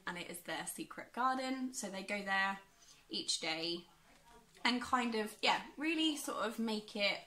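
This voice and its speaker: A young Englishwoman who runs a book vlog chats casually about books she's read, with a slightly high, somewhat bright voice. She says "um" often and is self-deprecating.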